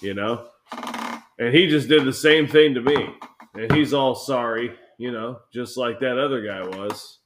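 A man's voice: mid-range voice, measured pace, slight background noise. A young man telling a rambling, profanity-filled story in casual chat as a podcast co-host.

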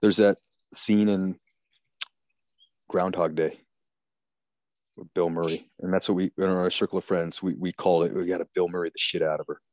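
A man's voice: low-pitched, steady tone, normal speed, pauses often, darkish tone, no room sound. A man talking in a crude, rambling, profane way in casual chat.

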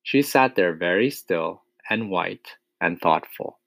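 A man reading a children's storybook aloud, steady and expressive. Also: sits low, takes it slowly, gravelly, no echo. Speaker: narrator.

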